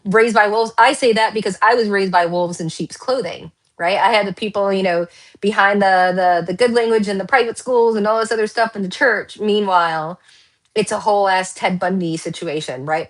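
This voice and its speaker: Rambling excitable woman tarot reader. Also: medium pitch. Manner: rambling, excitable, laughs often, tangents. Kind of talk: casual pick-a-card tarot reading.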